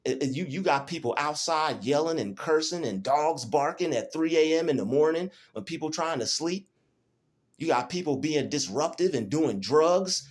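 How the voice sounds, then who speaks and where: Defiant preachy man, fairly high voice. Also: lively intonation, normal speed. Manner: defiant and preachy, repeating phrases. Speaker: vlogger. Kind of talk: emotional self-filmed rant. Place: small rented room indoors.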